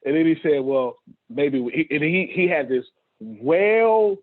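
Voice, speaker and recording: A man's voice: a little high, expressive, a little slow. A man hosting a motivational talk to his staff on a video call, preachy and repeating his points, often laughing. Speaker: host. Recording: tinny phone-like call audio.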